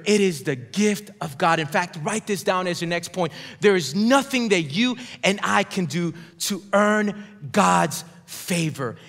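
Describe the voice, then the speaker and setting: High-voiced preacher in a reverberant church. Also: male voice. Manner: emphatic, swings between shouts and hushed drops; leads call-and-response with the congregation. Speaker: pastor. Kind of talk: sermon. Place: church sanctuary. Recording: long hall reverb.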